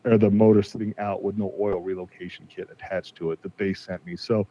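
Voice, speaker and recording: A man's voice: low-pitched, little pitch movement, a little fast, warm tone. A man in his forties, a podcast guest telling a story casually and acting out what others said to him. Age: 40s. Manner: retells a dispute, acting out quoted exchanges. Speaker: podcast guest, car collector. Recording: slightly dull, dry sound.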